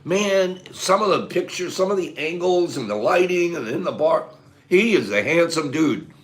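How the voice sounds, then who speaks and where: A man with a fairly high voice that swoops up and down a lot hosts a casual morning chat. He rambles, chuckles and turns sentimental as he talks to his viewers. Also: lively intonation, moderate pace. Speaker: host of a morning show.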